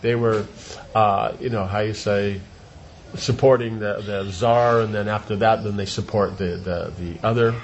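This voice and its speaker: A man's voice: lowish voice, steady tone, unhurried, dull audio, a little hiss or hum. A man giving an informal religious talk as a teacher, rambling, repeating words and asking rhetorical questions. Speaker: spiritual teacher.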